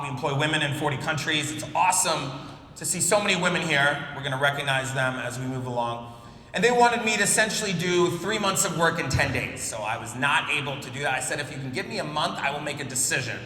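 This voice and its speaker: A man's voice: fairly high pitch, quick pace, bright, forceful tone, a little hiss or hum. A man giving a conference keynote, telling jokes and stories and calling people up from the audience. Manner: storytelling, jokey, works the crowd. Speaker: keynote speaker. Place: large conference hall. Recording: echoey hall from afar.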